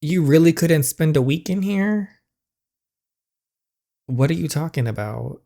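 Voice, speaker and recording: A game reader voicing a curt, defensive husband figure from a story game, in a low-key everyday voice. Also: animated, measured pace, vocal fry, dark tone. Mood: irritated. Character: dismissive possessive male husband.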